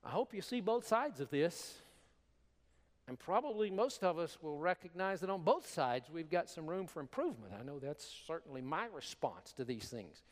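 A man preaching a sermon as pastor, emphatic and animated, with repeated words for stress. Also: fairly high pitch, moderate pace. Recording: long hall reverb.

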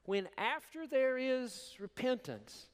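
A man preaching a sermon as pastor, emphatic and animated, with repeated words for stress. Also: extremely high pitch, slow. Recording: long hall reverb.

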